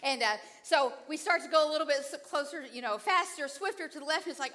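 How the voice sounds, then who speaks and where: A middle-aged woman preaching a sermon with a high, bright and lively voice. She tells a personal story with animation, acting out her own fright and her husband's unruffled answers, and she lets the pace run fast and then slow.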